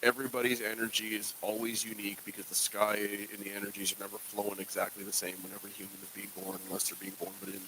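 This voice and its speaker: A man's voice: fairly low pitch, little pitch movement, racing, hardly any pauses, noisy background. A man co-hosting a casual podcast, talking in a loose, jokey, rambling way and swearing freely. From Canada. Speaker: podcast co-host. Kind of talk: casual chat.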